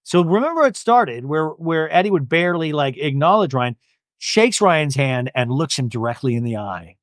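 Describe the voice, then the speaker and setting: Young adult man, podcast host, jokey TV recap, fairly high voice, very lively pitch, dry close sound. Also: moderate pace, dry recording. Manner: animated, jokey, acts out quotes. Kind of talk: casual TV recap commentary.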